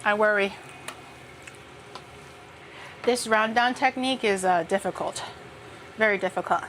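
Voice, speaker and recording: A woman's voice: mid-range voice, unhurried, fairly bright tone, a little hiss or hum. A woman chatting casually with viewers while she cooks on a live stream, swearing now and then. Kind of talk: casual chat while cooking. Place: home kitchen.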